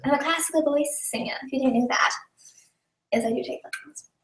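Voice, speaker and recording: A woman's voice: sits high, a little fast, fairly bright tone, slight background noise. A young woman chatting casually on a live stream, rambling and giggly with lots of fillers, recorded at home. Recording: echoey room, a bit far from the mic.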